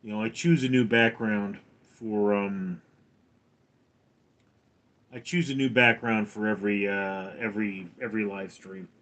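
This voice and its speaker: A man live-streaming from home, reading chat comments and answering in a dry, deadpan way. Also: lowish voice, unhurried, long pauses.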